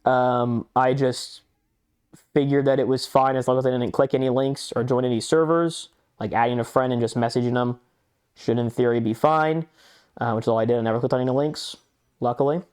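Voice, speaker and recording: A man's voice: mid-range voice, fairly even intonation, brisk, darkish tone, clean tone. A young man co-hosting a podcast in casual chat, telling a rambling story, acting out chat messages and swearing often. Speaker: podcast co-host.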